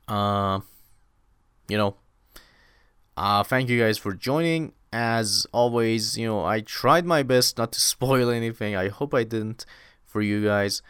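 A young man hosts his own podcast in an easygoing, rambling way, piling up repeated words when he gets excited. His voice is smooth and resonant and swings animatedly up and down. The sound is dry and close, with no room around it. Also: medium pitch, no echo. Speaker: podcast host. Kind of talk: casual solo podcast chat.

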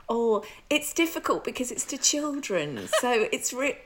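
A woman's voice: a little high, sing-song, unhurried. A woman co-hosting a casual chat, teasing and laughing mid-sentence.

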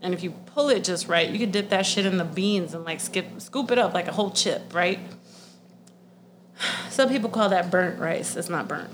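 Profane, animated woman podcaster. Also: lowish voice, moderate pace, a little hiss or hum. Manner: blunt, profane, animated storytelling. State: congested. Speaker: podcast co-host. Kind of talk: casual podcast chat.

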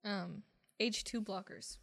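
A woman's voice: mid-range voice, fairly even intonation, slow pace, gravelly, a bit bright. A woman co-hosting a casual health talk, giving short reactions and passing on viewer questions. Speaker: co-host.

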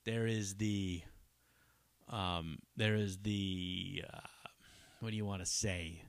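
A man's voice: sits low, steady tone, takes it slowly, no room sound. A man hosting his own podcast in a loose, rambling chat, swearing freely and drifting between asides. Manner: rambling and profane, full of fillers and asides. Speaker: podcast host. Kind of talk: casual chat.

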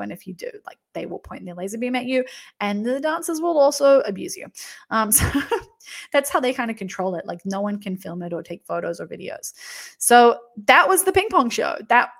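A woman's voice: mid-range voice, vocal fry, fairly bright tone. A young woman telling a travel story casually, chatty and full of filler words. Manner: chatty, frequent "like" fillers and laughter.

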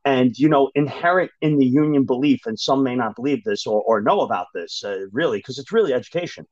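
A man speaking as a union manager and podcast guest, talking frankly and emphatically in an animated conversation. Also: mid-range voice, fast, no room sound. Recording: dull lo-fi dry sound.

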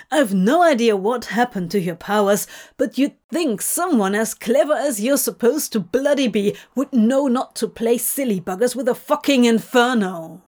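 A woman voicing a gruff, protective male demon who growls and swears in slow, spat-out words. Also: on the high side, a little mellow.

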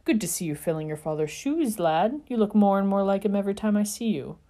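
A woman's voice: mid-range voice, animated, quick pace, mellow, pitched above the performer's own voice, natural voice. A woman voicing a large, proud older wizard who speaks heartily. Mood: hearty.

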